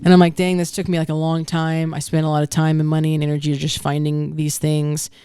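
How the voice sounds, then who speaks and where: A woman's voice: sits low, monotone, fairly quick, dark tone, clear, resonant tone, no room sound, studio quality. A woman co-hosting a podcast, telling a long, rambling hypothetical story in casual banter. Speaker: podcast co-host.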